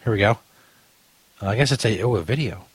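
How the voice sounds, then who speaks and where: A man's voice: fairly low pitch, animated, brisk, husky, no echo. A man hosting a podcast in a casual, rambling, crude style, often laughing at his own jokes. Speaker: podcast host. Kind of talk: casual commentary chat.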